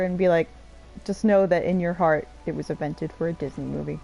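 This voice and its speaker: A woman giving rambling, chatty let's-play commentary over a game, quick to laugh. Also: on the low side, steady tone, gravelly, warm tone, soft background music, rough recording. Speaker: streamer playing a game.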